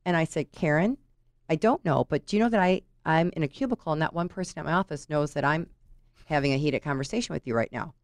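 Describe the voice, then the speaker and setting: A woman's voice: low-pitched, quick pace, dry recording. A middle-aged woman in casual conversation, talking through work stories and often checking in with "right?". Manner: chatty, tells anecdotes, frequent "you know" and "right?". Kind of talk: casual chat.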